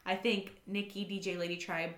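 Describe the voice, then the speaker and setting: A woman co-hosting a casual recap chat, chatty and quick to laugh, acting out the quotes she retells. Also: mid-range voice, level tone, fairly bright tone, echoey room. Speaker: podcast co-host.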